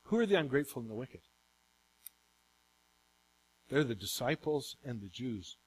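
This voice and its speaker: A man's voice: mid-range voice, very animated, moderate pace, darkish tone, rough recording. A man preaching a sermon as pastor, emphatic and calling out questions to the congregation.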